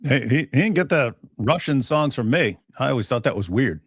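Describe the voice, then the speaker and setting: A man's voice: mid-range voice, lively intonation, a little fast, husky, no echo, studio quality. A man co-hosting a livestream in casual chat, rambling and laughing at his own jokes. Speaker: co-host.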